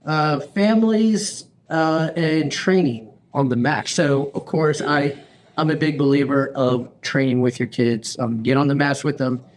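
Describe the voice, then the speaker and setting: Animated storytelling man, co-host. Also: fairly high pitch, measured pace. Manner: animated, acts out quoted voices, frequent restarts; laughs often while telling stories. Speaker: podcast co-host. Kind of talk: casual storytelling chat.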